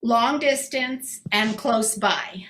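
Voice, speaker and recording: A woman's voice: a little high, very slow, a bit bright. A middle-aged woman performing a chatty, self-mocking stand-up set, slipping into voices of family members. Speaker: stand-up comedian. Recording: echoey room with background noise.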